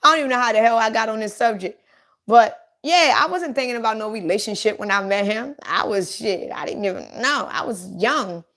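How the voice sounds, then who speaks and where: A woman's voice: fairly high pitch, a little fast, fairly bright tone. A middle-aged woman chatting casually on a livestream, telling blunt, profane stories straight to her viewers.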